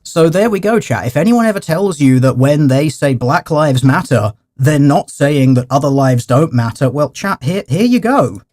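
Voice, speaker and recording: A man's voice: on the high side, expressive, normal speed, hardly any pauses, a little mellow. A man hosting a livestream, talking to his chat in dry, mock-formal, sarcastic commentary. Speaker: livestream host.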